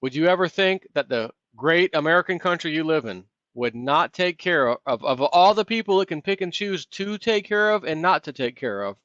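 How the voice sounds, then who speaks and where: A man's voice: fairly high pitch, expressive, moderate pace, few pauses, fairly bright tone, dry recording. A man hosting his own commentary vlog, ranting sarcastically about politics. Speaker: vlog host. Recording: dull, lo-fi, dry.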